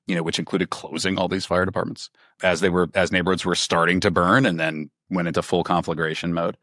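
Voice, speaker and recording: A man being interviewed, telling stories in a lively, conversational way and acting out the people he quotes. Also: deep voice, no echo, studio quality. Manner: animated storytelling, acts out quoted people. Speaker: author and reporter, guest.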